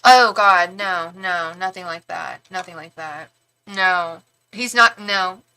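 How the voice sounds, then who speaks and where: A woman's voice: on the low side, slow pace, bright, forceful tone, clean tone, rough recording. A woman giving a live-streamed tarot reading, chatty and reassuring, with lots of fillers and restarts and fond asides to the viewer. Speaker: tarot reader and psychic.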